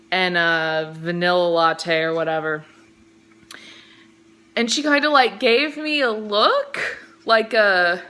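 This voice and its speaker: Young woman, Californian accent, bright tone, slow and meandering, chatty kitchen vlog on a handheld phone. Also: mid-range voice. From Central Valley, California. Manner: rambling, easily sidetracked, heavy "like" filler, swears casually. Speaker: vlogger. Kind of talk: casual storytime chat. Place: home kitchen, cooking. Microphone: phone held in one hand.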